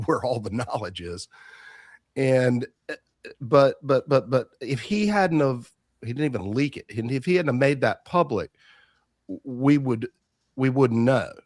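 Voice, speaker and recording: Podcast host, mid-pitch guy, rambly and animated, dry close mic. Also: no echo. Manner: animated, rambling, asks leading questions. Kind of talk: casual podcast interview.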